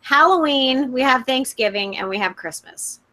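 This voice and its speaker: A woman's voice: sits high, normal speed. A young woman co-hosting a podcast, telling stories in casual chat with lots of laughs. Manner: animated, laughing storyteller. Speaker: podcast co-host.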